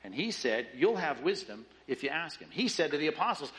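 Animated bright-voiced male preacher. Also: a little high, a little fast, few pauses, low-quality recording. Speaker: pastor. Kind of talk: sermon.

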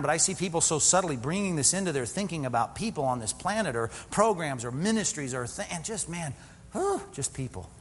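Lively man preaching in a reverberant hall. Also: fairly high pitch. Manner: conversational, self-deprecating humor with rhetorical questions. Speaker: pastor. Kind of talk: sermon.

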